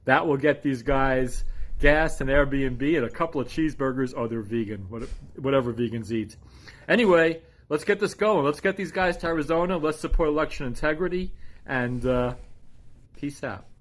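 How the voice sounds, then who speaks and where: A man giving a breezy, jokey recorded shout-out message. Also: medium pitch, moderate pace. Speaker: donor giving a video message.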